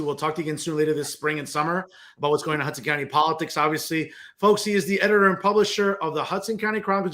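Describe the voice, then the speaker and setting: A man with a New Jersey accent hosting a political talk show, commenting with sarcasm and scoffing disbelief. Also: a little high. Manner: sarcastic, scoffing, animated rants.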